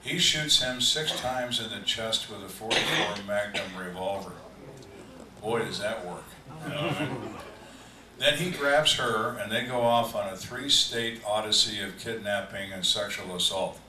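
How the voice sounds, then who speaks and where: An older man tells crime stories in a dry, deadpan way, pausing slowly on his punchlines. His low voice has a crisp, bright edge. The recording picks him up from across an echoey room with faint ambience. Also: recorded from a distance, a little hiss or hum. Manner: dry deadpan storyteller with slow emphatic pauses. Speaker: retired homicide detective telling stories at a fan Q&A. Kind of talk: live storytelling Q&A. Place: event room on a cruise ship, live audience.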